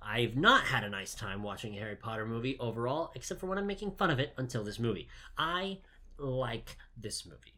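A man's voice: mid-range voice, lively intonation, a little fast, sharp tone. A man co-hosting a podcast, recapping a movie in casual, profane, joking chat. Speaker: podcast co-host.

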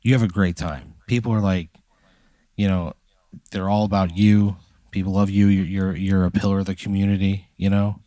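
Deep-voiced man spinning a dramatic tale. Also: flat delivery, moderate pace, warm tone, dry recording, studio quality. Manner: spins a dramatic second-person hypothetical. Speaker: podcast co-host. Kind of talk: comic storytelling.

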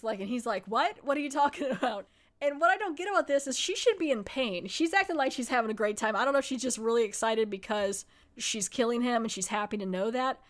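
A woman hosting a podcast, retelling an episode in a casual, animated way and acting out the characters' lines. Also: on the high side. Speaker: podcast host.

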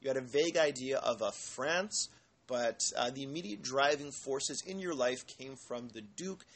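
A man giving an informal history lecture, explaining step by step and often pausing on filler words. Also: medium pitch. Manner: hesitant, many filler words; explanatory, asks and answers own questions.

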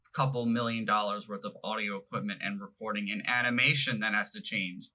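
A young man talks through a film in casual, rambling chat, often stopping to correct himself. His voice is very bright and forward. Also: lowish voice, steady tone, a little fast, low-quality recording. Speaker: podcast co-host.

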